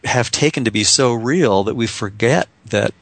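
A man's voice: medium pitch, normal speed. A man talking in a casual, reflective way as a guest author, often restarting and repeating words.

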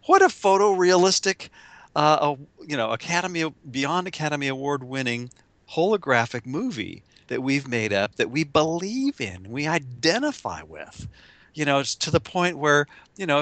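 A man discussing spiritual ideas in a casual, halting way, full of restarts and fillers, sometimes laughing and acting out little voices. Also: mid-range voice, very animated, fairly bright tone, no room sound. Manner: laughs often, acts out voices in quotes. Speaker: spiritual teacher.

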